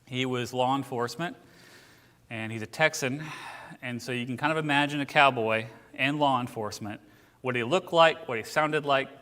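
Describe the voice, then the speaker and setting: A man's voice: mid-range voice, moderate pace, fairly bright tone. A man teaching a casual church Bible class, telling stories in a conversational way with asides. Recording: church hall with long reverb.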